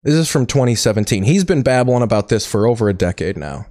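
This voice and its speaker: A man's voice: medium pitch, lively intonation, quick pace, darkish tone, no room sound, studio quality. A man hosting a comedy show, riffing with sarcastic, profane commentary. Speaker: comedy podcast host.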